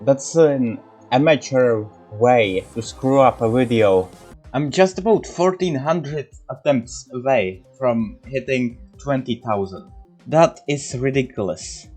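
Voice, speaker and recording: A man's voice: medium pitch, a little mellow. A man giving casual commentary over his own gameplay, exasperated and swearing often.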